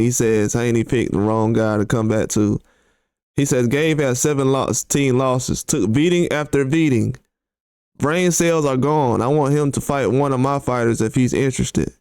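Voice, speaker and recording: A man's voice: mid-range voice, a little mellow, smooth, dry recording, studio quality. A man hosting a boxing commentary channel who reacts to tweets in a blunt, casual way, full of slang and rhetorical questions, his voice often jumping up in disbelief.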